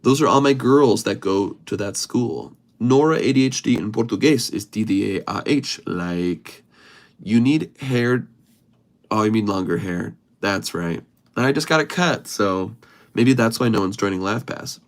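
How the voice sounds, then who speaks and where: A man's voice: lowish voice, animated, measured pace. A man, an improv comedian, hosting a casual livestream, greeting viewers by name and answering their comments playfully.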